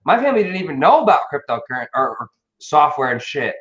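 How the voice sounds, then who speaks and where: A high-voiced man talks in big, swooping rises and falls, emphatic and loaded with profanity. He sounds like a casual live-stream chat. The audio is dull and lo-fi. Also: big pitch swings, quick pace, fairly bright tone. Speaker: crypto stream host.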